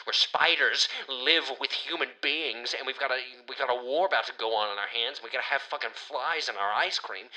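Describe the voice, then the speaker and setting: A young man hosting a podcast, ranting through a profane, rambling solo monologue that swings from heated outbursts to hushed asides. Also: medium pitch, animated, fairly quick, low-quality recording. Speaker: podcast host.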